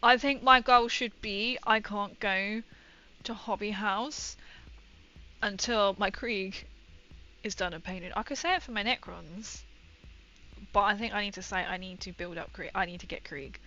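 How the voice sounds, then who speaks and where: A woman's voice: mid-range voice, a little slow, sharp tone, muffled recording. A young woman chatting casually and rambling through a story while she paints on a livestream.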